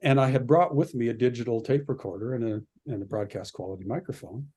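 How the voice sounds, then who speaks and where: A man from Canada, a radio producer and podcast guest, telling an animated story and acting out the voices of the people in it. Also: mid-range voice, quick pace, husky. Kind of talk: animated anecdote in a podcast interview.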